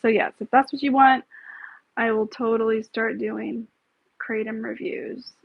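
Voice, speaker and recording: A woman's voice: a little high, fairly even intonation, a little slow, creaky, slightly rough, no echo. A woman hosting a casual live stream, talking bluntly, with frequent swearing and rambling asides. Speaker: livestream host. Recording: tinny phone-like, dry sound.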